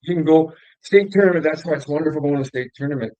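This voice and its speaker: A man's voice: a little high, fast, mellow, no room sound, low-quality recording. A middle-aged man hosting a casual interview, talking in a meandering, conversational way. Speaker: interview host.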